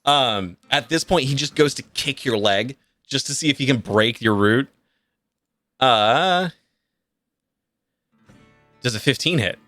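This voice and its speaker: A man narrating a tabletop game as game master over a voice call, animated and laughing often, with many fillers. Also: mid-range voice, takes it slowly, long pauses, no echo, faint music behind. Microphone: computer mic on a voice call.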